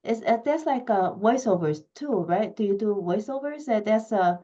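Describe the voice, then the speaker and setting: A woman hosting a radio interview, halting and full of fillers. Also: medium pitch, lively intonation, mellow. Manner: halting, many fillers and restarts. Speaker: radio host. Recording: muffled lo-fi line.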